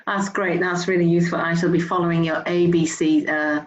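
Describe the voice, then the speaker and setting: An interviewer whose voice sits at a middle pitch. They respond to the guest with encouragement. They reflect on the advice in their own words. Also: level tone, a little fast, muffled recording.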